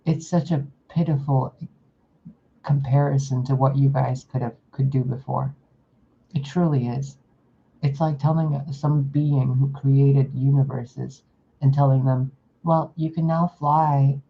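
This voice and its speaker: Slow, gravelly channeler on a dull recording. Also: mid-range voice, flat delivery. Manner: blunt, exasperated, swears casually. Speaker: spiritual channeler. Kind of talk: channeled message monologue.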